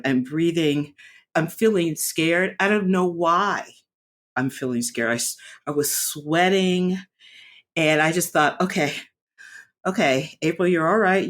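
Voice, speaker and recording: A woman with a low voice shares a personal story in a candid vlog. She sounds earnest and reflective, halting often and restarting her sentences.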